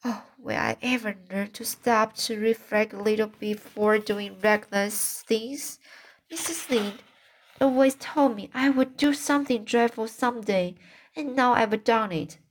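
A woman reading aloud, voicing an impulsive, excitable young girl in distress, fretful and pleading. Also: a little high, a little slow.

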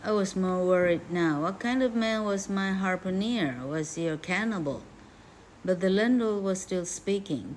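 A woman's voice: mid-range voice, measured pace, slight background noise. Chatty woman reading aloud. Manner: lively, chatty, self-correcting. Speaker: English reading teacher. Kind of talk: bilingual storybook read-aloud with translation.

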